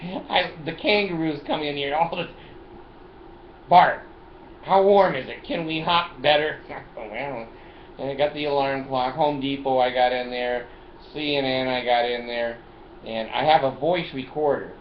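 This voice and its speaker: A man's voice: mid-range voice, normal speed. Older male vlogger in his car, jokey, talkative, salty language; roomy, muffled recording. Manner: chatty, laughs often, jokey and profane. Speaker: video host. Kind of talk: casual vlog, showing his phone and car gadgets. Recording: roomy, dull lo-fi sound, faint noise.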